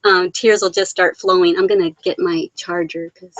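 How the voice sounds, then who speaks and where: A woman's voice: lowish voice, fairly even intonation, moderate pace, no echo, rough recording. A middle-aged woman hosting a casual live stream from home over a laptop mic, reading viewer comments, laughing often and sounding teary, close to crying. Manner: giggly, laughs often between sentences. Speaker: live Q&A host. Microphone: laptop microphone.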